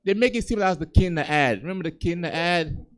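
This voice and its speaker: Speaking rapid-fire in a rather high, animated voice, a young man from Gambia works a comedy club stage with a handheld mic. His stand-up is easygoing and conversational, and he chuckles at his own material.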